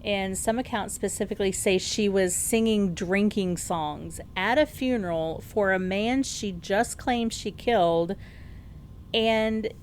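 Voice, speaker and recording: A woman's voice: mid-range voice, a little mellow, slight background noise. A woman co-hosting a podcast, telling a story in casual chat, amused and often laughing, with lots of fillers. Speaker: podcast co-host.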